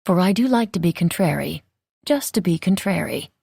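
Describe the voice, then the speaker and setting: A contrary, spirited young lady of a romance audiobook, voiced by a woman narrator. She teases wryly in a low, gravelly tone. The sound is close and dry. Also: animated, moderate pace, dark tone, dry recording, exaggerated voice. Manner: wry, teasing. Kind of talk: audiobook character reading.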